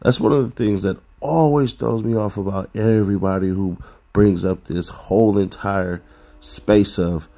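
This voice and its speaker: A man's voice: lowish voice, fairly even intonation, normal speed, creaky, dark tone. A man hosting a commentary rant, blunt and profane, lecturing viewers with rhetorical questions. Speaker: commentary host.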